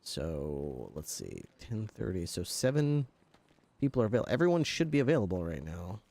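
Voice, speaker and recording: A man's voice: sits low, wildly swooping pitch, normal speed, creaky, warm tone. A man role-playing as a police sergeant in an online game, talking in a playful, hammy way and laughing often. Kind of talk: casual role-play chat.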